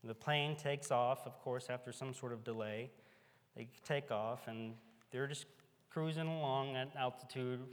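A man preaching a sermon in a folksy, emphatic way, with a band on hand in a large hall. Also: mid-range voice. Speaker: pastor. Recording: echoey hall.

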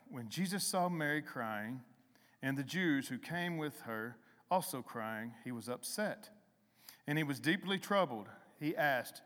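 A man preaching a conversational sermon to a congregation, with emphatic rises and a soft, slow hymn. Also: mid-range voice, expressive, big-room sound. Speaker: lay preacher. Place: church hall.

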